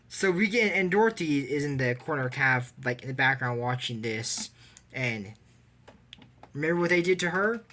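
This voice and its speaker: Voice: medium pitch, lively intonation, unhurried, long pauses, fairly bright tone. A casual vlogger recapping an anime episode, rambling and opinionated, with lots of fillers.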